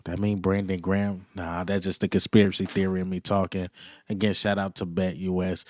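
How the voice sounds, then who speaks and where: Low-voiced man hyping his team. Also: fairly quick. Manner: excited, boastful trash talk with repeated punchlines. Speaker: sports fan vlogger. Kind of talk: casual fan reaction rant.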